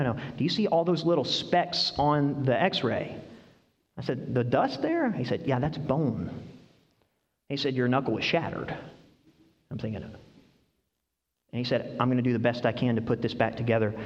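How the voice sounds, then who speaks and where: Animated male pastor preaching in a hall. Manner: animated storytelling, acts out voices with high-pitched cries. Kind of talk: sermon. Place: church hall. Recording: dull sound, long hall reverb.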